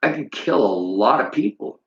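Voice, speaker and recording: Very animated, with a fairly bright mid-range voice at a moderate pace, a male livestream host goes on a bitter, preachy rant and reads chat comments out loud. The sound is roomy, flat, and lo-fi.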